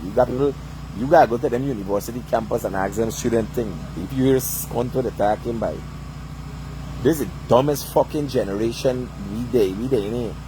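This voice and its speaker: A man's voice: mid-range voice, brisk, noisy background. A man delivering a heated, profane rant, swearing constantly and asking "you understand?" over and over. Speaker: vlogger.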